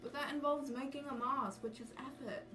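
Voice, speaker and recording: A woman's voice: high voice, fairly even intonation, moderate pace. A young woman chatting casually to a livestream audience, self-mocking and easily sidetracked. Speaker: cosplay livestreamer. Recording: distant mic with music behind. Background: background music.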